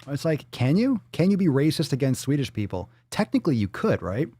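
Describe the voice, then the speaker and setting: A man's voice: medium pitch, big pitch swings, a little fast, warm tone, no echo. A man hosting a livestream, reading out viewer donations and messages in casual, profane chat full of jokes and riffs. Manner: joking, profane and riffing off-the-cuff. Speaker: livestream host.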